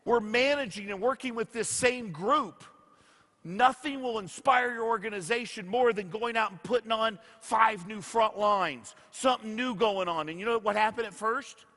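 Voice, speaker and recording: In an echoey hall, a motivational speaker tells stories to an audience and acts out what people said to him. His voice sits high with a sharp tone, and he keeps a moderate pace.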